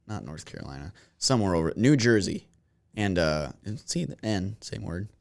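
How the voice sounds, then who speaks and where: A man's voice: sits low, normal speed, creaky, no echo, clean studio sound. A man with a Minnesotan accent in casual podcast chat, telling stories and laughing often. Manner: animated storyteller, laughs often. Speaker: podcast guest.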